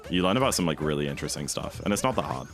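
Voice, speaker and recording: Low gravelly British young man streaming. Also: very fast, soft background music. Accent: British English. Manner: chatty, rambling, with sudden excited outbursts. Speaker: speedrun streamer. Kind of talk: casual livestream chat.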